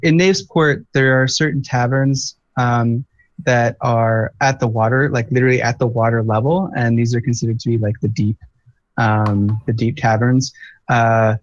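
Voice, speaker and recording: A man's voice: medium pitch, fairly even intonation, normal speed, no echo. A man running a tabletop game as game master, thinking aloud with many fillers. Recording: dull lo-fi dry recording.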